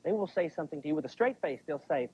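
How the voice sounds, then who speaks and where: A male comedian working the crowd in a stand-up routine, with a lively, bouncing pitch. He keeps checking in with his listeners. The sound is muffled, like a 1980s TV broadcast. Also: rapid-fire, breathy edge. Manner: chatty, keeps asking the crowd "right?".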